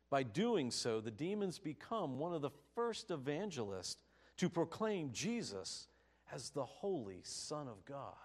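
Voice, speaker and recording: Male pastor, lively up-and-down pitch, slightly high voice, storytelling sermon. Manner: animated storytelling, rising emphasis.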